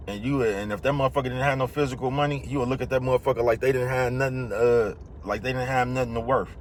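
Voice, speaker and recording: A man's voice: medium pitch, fairly even intonation, fast talker, slight background noise. A man vlogging a casual motivational monologue, rambling and slangy, and he keeps repeating his catchphrases.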